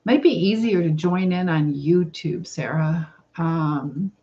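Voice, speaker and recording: A middle-aged woman with a Southern US accent hosts a casual cooking livestream, speaking slowly in a fairly low, mellow voice. She rambles and reads viewer comments aloud, and the livestream audio sounds dull and lo-fi.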